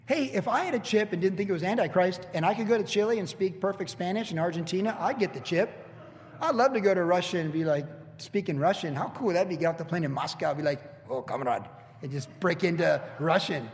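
A middle-aged man preaching a conversational sermon to an evening congregation, full of joking asides and bursts of excited emphasis. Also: high voice, fast talker. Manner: chatty, jokey asides, swings into excited emphasis. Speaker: pastor. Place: church hall with evening congregation. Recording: long hall reverb.

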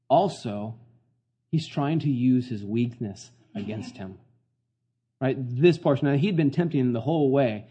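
A man's voice: mid-range voice, warm tone, husky, dull audio. A man preaching a casual sermon in a conversational, slangy way, often asking the congregation questions. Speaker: pastor.

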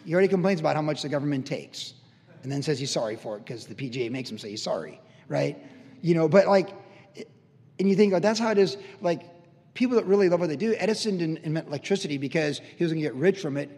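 A man pastor giving a conversational, animated sermon, telling stories with frequent restarts. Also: a little high, fast talker. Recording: long reverb of a church hall.

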